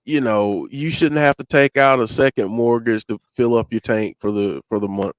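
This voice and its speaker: A man's voice: mid-range voice, fairly even intonation, normal speed, clean tone, no echo. A man co-hosting a wrestling talk show, ranting and getting fired up in casual chat. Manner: ranting, gets fired up, self-interrupting. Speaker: podcast co-host.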